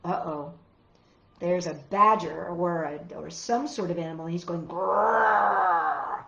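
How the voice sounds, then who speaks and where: A woman's voice: fairly low pitch, normal speed, vocal fry, echoey room, muffled recording. A woman narrating a wordless picture book for a children's storytime, wondering aloud and gasping as she goes. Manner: expressive and wondering aloud, with soft gasps. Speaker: storytime reader.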